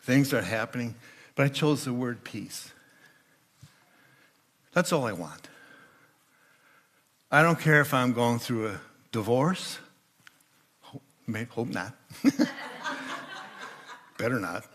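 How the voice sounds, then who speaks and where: An older man giving a storytelling sermon as a guest speaker in church, sometimes voicing the people in his stories loudly. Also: mid-range voice, very animated, slow pace, pauses often. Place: church sanctuary.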